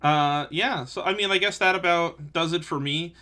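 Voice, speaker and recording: A man's voice: a little high, normal speed, sharp tone. A young man hosting a fan interview, eager and gushing, laughing often. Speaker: podcast host, interviewer. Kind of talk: casual interview chat.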